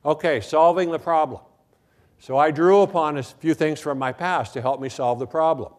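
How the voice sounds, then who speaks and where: A man's voice: a little high, normal speed. An older man giving a conference talk about teaching, telling stories and acting out the voices of students in between frequent "okay, now" asides. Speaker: speaker at a conference. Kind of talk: keynote talk with anecdotes.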